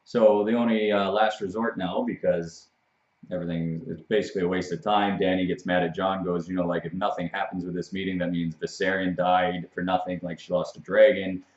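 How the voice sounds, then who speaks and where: A man co-hosting a casual TV recap, retelling scenes with lively acted-out quotes. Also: low voice, brisk. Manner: animated retelling, acts out characters' lines. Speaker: show co-host. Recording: echoey room, dull lo-fi sound.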